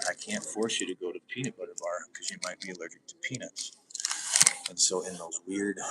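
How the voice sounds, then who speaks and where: A man's voice: sits low, distant mic, poor audio. A middle-aged man rambling on a phone livestream, profane and sarcastic, jumping from one odd comparison to the next. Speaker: livestream host. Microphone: phone front camera. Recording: phone mic with crowd noise.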